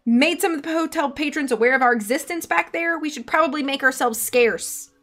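A woman's voice: sits high, brisk, fairly bright tone, soft background music, voice pushed up. A woman reading aloud voices a sarcastic, reluctant young male sidekick. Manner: sarcastic, exasperated.

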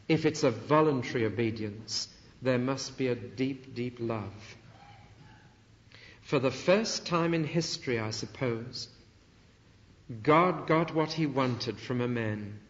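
A middle-aged man preaching a sermon, earnest and emphatic, with dramatic pauses. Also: a little high. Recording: dull archival sermon recording in a reverberant hall.

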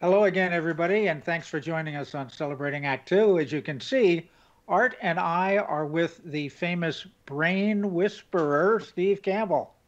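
A man's voice: a little high, normal speed. A man hosting a talk show, giving a friendly, upbeat welcome to his guest. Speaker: host. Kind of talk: show host introduction. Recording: dull muffled sound.

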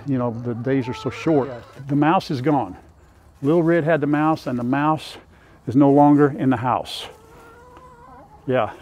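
A man's voice: medium pitch, a little mellow, a little hiss or hum. An older man chatting folksily in a farm vlog, talking to his chickens and viewers outdoors by a pen on a lapel mic. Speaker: farm vlogger. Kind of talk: casual farm vlog talk.

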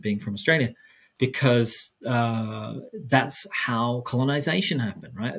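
Male guest historian, South London accent softened by years in America; hoarse-edged, rambling, conversational. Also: mid-range voice. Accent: South London English mixed with American. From South London, England. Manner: chatty, rambling, many restarts. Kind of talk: conversational interview answer.

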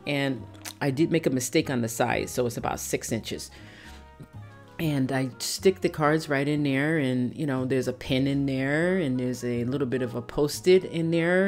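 Chatty low-voiced older woman, soft music. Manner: rambling, chatty, laughs often at herself. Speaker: scrapbooking vlogger. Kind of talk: casual process-video chat. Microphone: phone camera.

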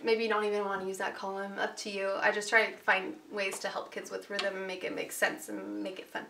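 A woman piano teacher talking through a worksheet in a casual, chatty way, full of fillers and quick checks with her listeners. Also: medium pitch, bright, forceful tone, slight background noise. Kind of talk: casual instructional walkthrough. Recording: roomy, distant mic with faint ambience.

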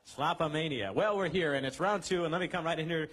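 A man hosting a comic game show, energetic and teasing, shouting over the messy action. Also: a little high, normal speed, husky.

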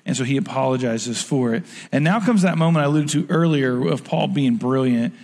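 A man's voice: medium pitch, brisk, a little mellow. A man preaching a sermon in a conversational way, acting out the quoted lines. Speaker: pastor. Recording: long church reverb.

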